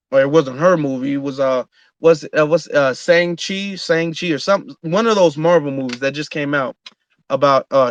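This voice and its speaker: A man's voice: a little high, no echo. A man hosting an online audio room, talking in an earnest casual monologue with frequent fillers and restarts. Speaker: host.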